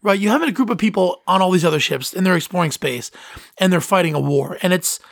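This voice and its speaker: A man's voice: high voice, fast talker, vocal fry, dry recording, studio quality. A man hosting a podcast in casual chat, rambling and enthusiastic with lots of fillers and restarts. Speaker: podcast host.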